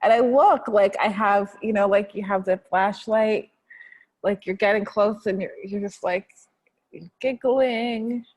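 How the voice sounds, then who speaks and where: Slow, breathy woman, sleepy and soft. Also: mid-range voice, steady tone, poor audio. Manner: sleepy, yawning, soft and halting. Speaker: EFT tapping practitioner. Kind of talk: casual chat and guided tapping.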